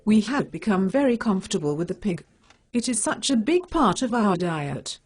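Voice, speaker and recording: A woman's voice: medium pitch, big pitch swings, normal speed, husky. A female synthetic voice playing a stubborn, bacon-loving cat superhero who talks in blunt, plain statements. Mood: conceding. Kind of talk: synthetic animated dialogue.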